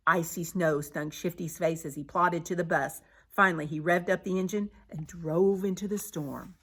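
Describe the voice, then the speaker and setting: A woman reading a children's picture book aloud, expressive and animated. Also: lowish voice, normal speed, slightly rough. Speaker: storybook reader.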